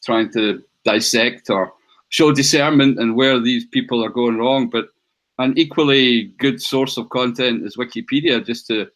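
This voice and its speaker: A Scottish man speaking as a guest on a casual livestream, relaxed and laughing often, heard over a video call. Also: medium pitch, a little slow. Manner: easygoing, laughs often, explains things.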